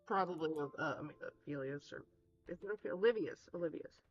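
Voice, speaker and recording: A woman's voice: fairly low pitch, a little fast, slightly rough, muffled recording, soft background music. A woman streaming a detective game in casual commentary, chatty and self-mocking as she thinks aloud. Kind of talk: casual let's-play commentary.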